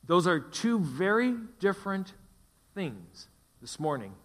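A man's voice: sits high, big pitch swings, slow, a bit bright. A middle-aged man preaching a sermon as pastor, emphatic and repeating phrases for stress. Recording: long hall reverb.

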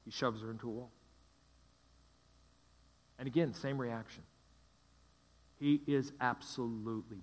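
A male pastor preaches with slow, deliberate emphasis, repeating short phrases and letting them hang. His voice sits in an ordinary male pitch and carries a long reverb from the church sanctuary. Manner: emphatic, repetitive, dramatic pauses. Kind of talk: sermon.

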